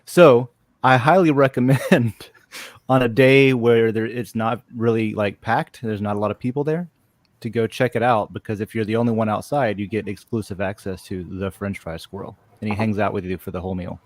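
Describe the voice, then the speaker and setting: A man's voice: fairly low pitch, fairly even intonation, normal speed, no echo. A man co-hosting a casual live chat show, telling a story in a meandering way with frequent fillers and restarts. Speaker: podcast co-host. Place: lives in a Florida college town.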